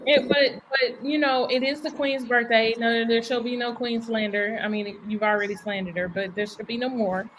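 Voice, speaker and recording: A woman's voice: on the high side, steady tone, normal speed, hardly any pauses, background noise. A woman hosting a casual podcast, teasing and chatting playfully. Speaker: podcast host.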